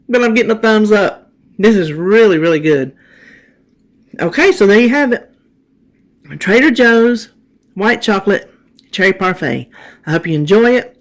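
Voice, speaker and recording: A woman's voice: mid-range voice, big pitch swings, measured pace, pauses often. A woman hosting her own cooking channel, chatting viewers through each step of a recipe in her home kitchen. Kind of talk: casual cook-along demonstration.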